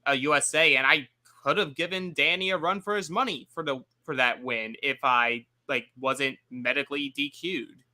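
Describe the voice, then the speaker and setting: A man's voice: on the high side, moderate pace, sharp tone. A man co-hosting a casual recap show, rambling with lots of filler words. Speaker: after-show co-host.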